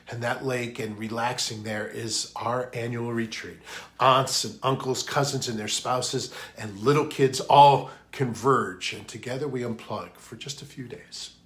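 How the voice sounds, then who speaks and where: A New England pastor with a medium-pitched, fairly bright voice preaches a sermon for an online worship video. He opens with a prayer, then tells a story earnestly, his voice rising for emphasis.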